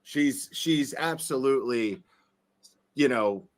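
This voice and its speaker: A man's voice: medium pitch, takes it slowly. Earnest man giving stumbling commentary. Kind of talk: opinion commentary.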